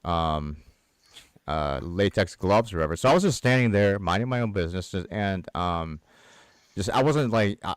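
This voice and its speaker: Chatty low-voiced man telling a story. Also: clean tone, dry recording. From United States. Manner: chatty, laughs between sentences. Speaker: streamer. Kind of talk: casual storytelling while gaming.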